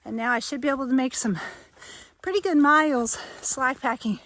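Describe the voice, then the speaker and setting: A woman's voice: sits high, moderate pace, a bit bright, no room sound. A woman narrating a casual hiking vlog to her camera outdoors, a little out of breath. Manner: chatty, narrating to camera while walking. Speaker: thru-hiker vlogger. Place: outdoors on a forest trail.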